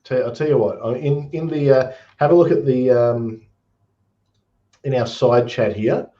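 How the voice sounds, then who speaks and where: A man's voice: mid-range voice, unhurried. Aussie guy hosting, chatty and rambly, echoey room, kinda muffled audio. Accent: Australian. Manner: rambling, restarts phrases, good-humored. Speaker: host. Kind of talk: casual chat, reading comments aloud. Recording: roomy, dull lo-fi sound.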